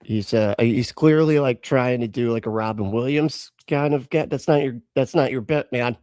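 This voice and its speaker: A man's voice: mid-range voice, normal speed, a little mellow, dry recording, clean studio sound. A man hosting a live stream and reacting to clips in casual chat, sarcastic, often laughing and swearing.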